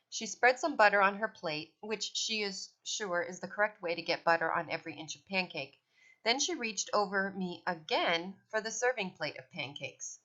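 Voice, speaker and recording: A woman's voice: mid-range voice, expressive, moderate pace, bright, forceful tone. Woman reading a kids' book, lo-fi. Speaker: audiobook reader. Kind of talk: children's book narration. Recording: dull lo-fi recording.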